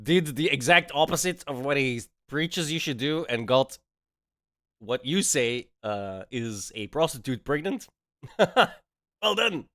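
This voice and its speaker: Speaking at a measured pace in a medium, slightly bright and animated voice, this non-native English speaker reacts on stream with sarcastic mockery. He laughs a lot and keeps saying bro and man.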